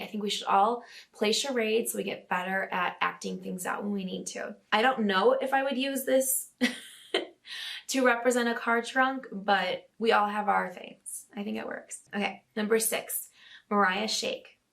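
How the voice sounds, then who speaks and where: A woman podcast host with a raspy voice, casually reading listener stories aloud and reacting with chatty laughter. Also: medium pitch, fairly bright tone.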